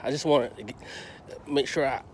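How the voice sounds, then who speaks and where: A man's voice: mid-range voice, moderate pace, slight background noise. A man giving a casual, profane and heated movie review, rambling and swearing as he goes.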